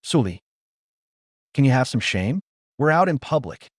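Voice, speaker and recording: A man's voice: mid-range voice, very animated, normal speed, no room sound, studio quality, pitched above the performer's own voice. A man voicing a cold, haughty young woman CEO in a story, scolding and indignant in a raised voice.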